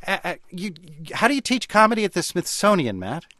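A male radio host with a bright, forward voice. He introduces guests and callers in an easygoing way. The booth sound is dry and close. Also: high-pitched, big pitch swings, fairly quick, no echo. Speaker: radio talk show host. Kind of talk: hosting a call-in radio show.

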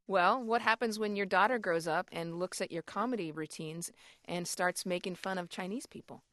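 A woman's voice: fairly low pitch, normal speed, a bit bright, no echo, studio quality. A woman hosting an interview program, asking curious, probing questions.

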